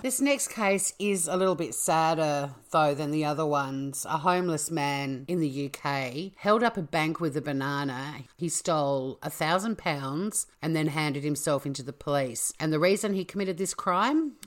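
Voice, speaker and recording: Low-voiced woman podcasting. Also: moderate pace, hardly any pauses. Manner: chatty, self-correcting, playful asides. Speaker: podcast host. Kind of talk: true-crime podcast monologue.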